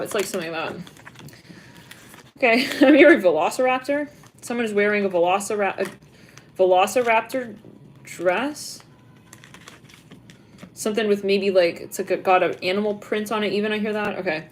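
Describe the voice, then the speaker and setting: A woman's voice: mid-range voice, moderate pace, long pauses, slight background noise. A young woman giving a casual tarot reading, rambling with constant "like" fillers and frequent giggles. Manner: giggly, rambling, heavy use of "like". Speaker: tarot reader.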